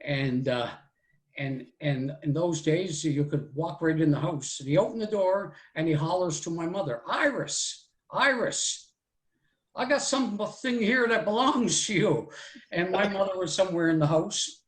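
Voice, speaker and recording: A man's voice: high voice, reverberant, low-quality recording. Older man, folksy storyteller. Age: 60s. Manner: folksy and rambling, with "so anyway" and "right?". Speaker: guest storyteller. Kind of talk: live oral storytelling.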